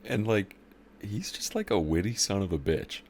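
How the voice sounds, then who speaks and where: A man co-hosting a casual podcast, bantering in a relaxed, slangy, profane way. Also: lowish voice, normal speed. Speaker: podcast co-host. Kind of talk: casual chat.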